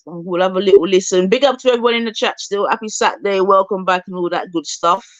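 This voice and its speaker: A man's voice: sits high, quick pace, no room sound. Brief: streamer, man, combative banter, muffled lo-fi mic. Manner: argumentative, talks over his guest. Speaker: live stream host. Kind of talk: casual live stream chat. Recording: dull lo-fi dry mic.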